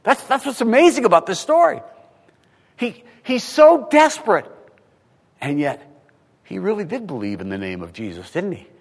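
A man preaching a sermon, animated, asking rhetorical questions and swinging from hushed tones to loud. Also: sits high, normal speed, creaky, long pauses. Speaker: pastor. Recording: long hall reverb.

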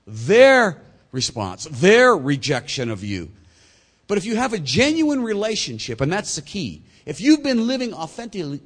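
A male pastor delivering a sermon, swinging between loud emphatic points and quiet, low asides.

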